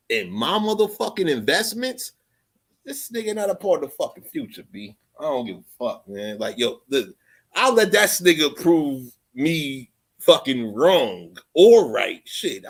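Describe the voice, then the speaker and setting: A man hosting his own livestream, ranting off the cuff with heavy profanity. His pitch rides up and down with a lively, animated swing. He drops to mutters, then bursts out loud, repeating lines as he goes. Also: slightly rough. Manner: profane, rambling, repeats phrases. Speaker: livestream host. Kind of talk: unscripted livestream rant.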